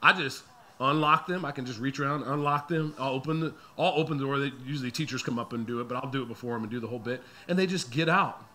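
A man's voice: medium pitch, fast, sharp tone, a little hiss or hum. A man in his thirties, a pastor telling a family story in a sermon and acting out the voices of his kids and himself.

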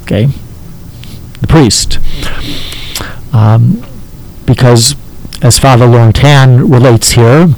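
A man explaining a text to a listener as a teacher, halting and often checking in with "okay?". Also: medium pitch, darkish tone, a little hiss or hum, poor audio.

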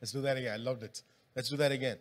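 A man's voice: medium pitch, steady tone, very fast, a little hiss or hum. A man preaching a sermon in a church hall, talking casually and quizzing the congregation. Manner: conversational, engaging the congregation with questions. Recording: long hall reverb.

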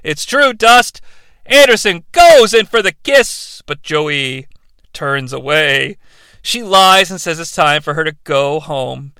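A man's voice: a little high, animated, slow pace, pushed and bright, clear, resonant tone, no echo. A man co-hosting a podcast, giving a rambling, sarcastic recap of a TV episode and acting out the characters' lines. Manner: sarcastic, rambling, acts out dialogue. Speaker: podcast co-host.

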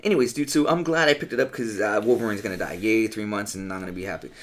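A man's voice: on the low side, quick pace, fairly bright tone. Profane, rambling young man reviewing comics. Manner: profane, rambling, says dude a lot. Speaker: podcast co-host. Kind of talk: casual comic book review chat.

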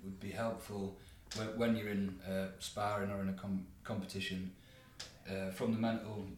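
A podcast host asking measured, hesitant questions in a casual interview. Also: male voice, sits low, flat delivery, recorded from a distance, slight background noise. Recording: echoey room, off-mic.

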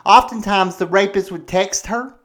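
A man's voice: high-pitched, normal speed, fairly bright tone. A man playing a jealous, paranoid husband who rants and curses with indignation. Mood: aggrieved. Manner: cursing, ranting, indignant. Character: jealous, profane, paranoid middle-aged husband. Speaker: podcast pastor host. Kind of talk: comedic monologue performed in character.

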